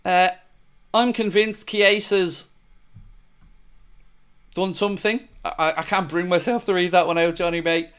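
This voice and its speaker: Young male fan-show host, higher voice, smooth clear tone, blunt and passionate with his chat. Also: steady tone, measured pace, pauses often, a bit bright. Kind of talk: live match reaction, reading viewer comments.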